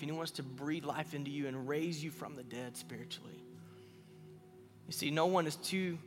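A man preaching a youth sermon, moving between quiet pleading and loud calls. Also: on the high side, big-room sound. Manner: builds from hushed pleading to loud shouting. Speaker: youth pastor.

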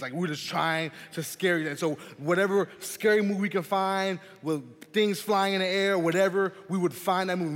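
A young man giving a youth sermon, telling a personal story in an animated, chatty way and often saying "man" and "listen". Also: on the high side. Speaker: youth pastor. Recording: long hall reverb.

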